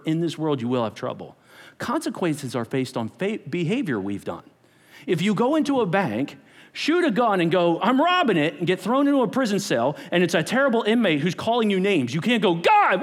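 A man preaching a sermon as pastor, animated, acting out quotes and dropping to whispers. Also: a little high. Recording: long hall reverb.

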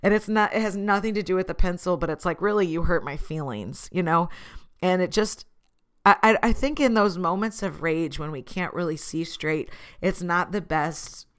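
A woman's voice: on the low side, normal speed, fairly bright tone, smooth. A woman talking through her thoughts in a casual, earnest vlog monologue, laughing at herself now and then. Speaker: vlogger.

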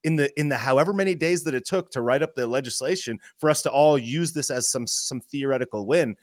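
A man's voice: medium pitch, quick pace, dry recording, studio quality. A man guesting on a political talk show, arguing emphatically with lists and rhetorical questions. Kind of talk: casual political chat.

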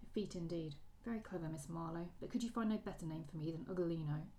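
A woman reading the lines of a cold, proud Regency gentleman, in a quiet, clipped delivery. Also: fairly low pitch, fast talker, a little hiss or hum, lightly acted, poor audio.

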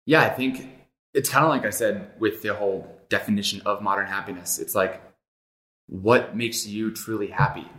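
A man's voice: on the low side, moderate pace, sharp tone. A man co-hosting a casual podcast chat, speaking reflectively and personally with fillers. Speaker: podcast co-host. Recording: echoey room.

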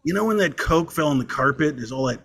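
A man's voice: on the high side, lively intonation, quick pace, gravelly, a bit bright. A man co-hosting a podcast, chatting loosely about a movie, rambling and laughing often. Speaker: podcast co-host. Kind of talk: casual movie chat.

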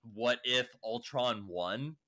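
A man's voice: medium pitch, slow pace, sharp tone. A young man casually recapping a show, rambling with lots of fillers and swearing. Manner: rambling, heavy use of "like" and swearing.

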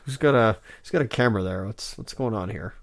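A man with a fairly low voice co-hosting a casual podcast. He talks in a relaxed, joking way. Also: fast talker. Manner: laid-back and joking, with frequent laughs. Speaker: podcast co-host. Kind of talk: casual comic book discussion.

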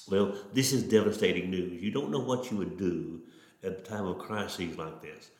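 A man's voice: deep voice, moderate pace, darkish tone. Folksy preacher telling his testimony. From Oklahoma. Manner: folksy, earnest, repetitive starts. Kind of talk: testimony storytelling. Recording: roomy echo.

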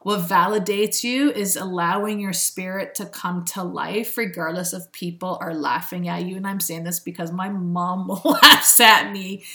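Woman, lower register, self-help speaker; earnest, preachy delivery with laughter. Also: measured pace, few pauses, pushed and bright. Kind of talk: motivational monologue.

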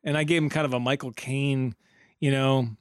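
A man's voice: medium pitch, steady tone, normal speed, smooth, dry recording, clean studio sound. A man co-hosting a casual chat, blunt and opinionated, swearing now and then. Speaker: podcast co-host.

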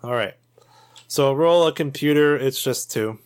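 A man's voice: medium pitch, measured pace, clean tone. Laid-back man running a tabletop game. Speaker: game master.

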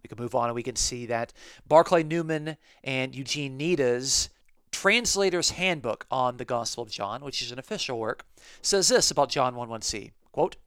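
A man's voice: medium pitch, expressive, normal speed, a bit bright, clean tone, no echo, clean studio sound. A man hosting a podcast, teaching a scripture study in a methodical, explanatory way and repeating key phrases. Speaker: podcast host and Bible teacher.

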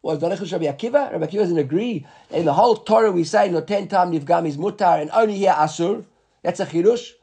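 Gravelly, husky man teaching a Talmud class. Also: high-pitched, dark tone. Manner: quick, repetitive teaching with restarts and checking questions.

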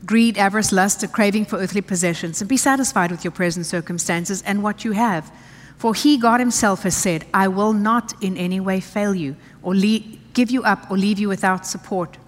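A woman's voice: mid-range voice, moderate pace. A woman pastor preaching a sermon, reading scripture aloud and repeating key phrases with emphasis. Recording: church hall reverb.

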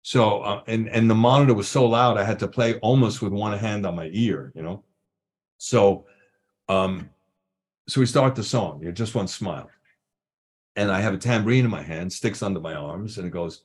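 Older male guest, lowish voice, animated storyteller who mimics voices and drum beats. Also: normal speed. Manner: animated anecdote-telling, acting out voices and drum sounds. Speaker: guest drummer. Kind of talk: casual storytelling.

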